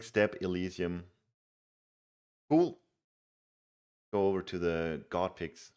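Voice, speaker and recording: Young male streamer, deep voice, chatty and easygoing while playing. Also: fairly even intonation, takes it slowly, pauses often, darkish tone, clear, resonant tone. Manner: chatty, reads chat aloud, laughs easily. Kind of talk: casual live game commentary.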